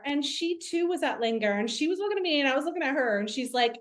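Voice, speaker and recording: A woman, a medium and spiritual teacher, tells a story in a lively, casual way over a video call, with many "like" fillers. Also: sits high, quick pace, hardly any pauses.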